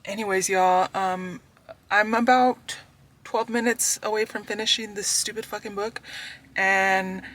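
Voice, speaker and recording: Young woman, bright and sharp in tone, exasperated book vlogger ranting with heavy profanity. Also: medium pitch, fairly even intonation, a little slow, slight background noise. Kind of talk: casual ranting book review.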